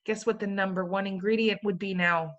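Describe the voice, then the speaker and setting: A woman's voice: medium pitch, fairly even intonation, a little fast, fairly bright tone, highs cut off. A woman teaching a class in a playful way, firing questions at her students and tossing in jokey asides. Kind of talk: classroom lecture.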